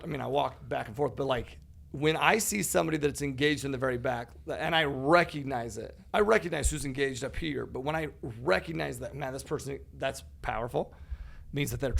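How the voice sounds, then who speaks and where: A man's voice: medium pitch, brisk, vocal fry. A man talking casually on a podcast, acting out conversations, saying "dude" often and swearing freely. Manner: animated storyteller, says "dude" often, acts out dialogue. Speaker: podcast guest, real estate educator.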